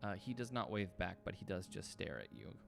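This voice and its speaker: A man's voice: low voice, very animated, brisk, gravelly, over music. A man narrating a tabletop role-playing game as game master, in a loose, filler-heavy way.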